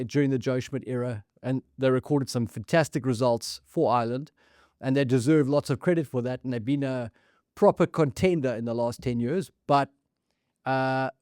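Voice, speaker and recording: A man's voice: mid-range voice, a little mellow, dry recording, studio quality. A man co-hosting a casual rugby chat, bantering and saying "mate" constantly. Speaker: rugby podcast co-host.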